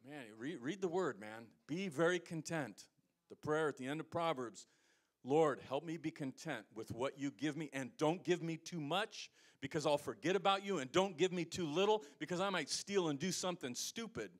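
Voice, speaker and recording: An American male pastor preaches with lively energy. His voice swings from loud, emphatic lines down to low, quiet asides to the congregation. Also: normal speed. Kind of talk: sermon.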